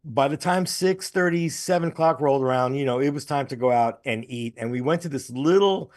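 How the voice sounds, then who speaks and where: Guest voice: easygoing man, mid pitch, rambling storyteller on a video call. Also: fairly quick. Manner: relaxed anecdotal storyteller, many restarts. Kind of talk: casual interview storytelling.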